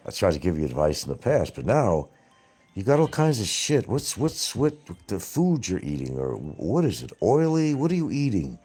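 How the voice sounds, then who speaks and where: A man's voice: fairly low pitch, huge pitch swings, moderate pace, warm tone, husky, soft background music. A man hosting his own livestream show, ranting at absent critics in a mocking, confrontational way, repeating his points and swearing freely.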